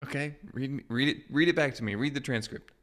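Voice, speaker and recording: A man's voice: medium pitch, fairly bright tone. A man co-hosting a casual gaming podcast, laughing and stumbling over his words. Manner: laughing, halting restarts. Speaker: podcast co-host. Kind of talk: casual chat.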